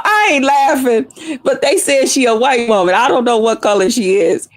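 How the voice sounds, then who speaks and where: Woman, middle-aged, livestream commentary, blunt and cussing, laughing, higher voice, dry sound. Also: animated, normal speed, no echo. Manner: blunt, profane, laughing often; greets chat viewers by name.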